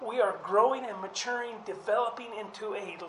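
A man's voice: sits high, brisk, fairly bright tone, roomy sound, a little hiss or hum, rough recording. A man preaching a sermon as pastor, earnest and prone to repeating words, with chuckles between points.

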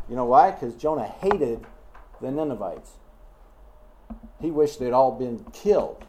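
A man's voice: mid-range voice, lively intonation, measured pace, pauses often, mellow. A man preaching a sermon in an emphatic, scolding way, full of rhetorical questions.

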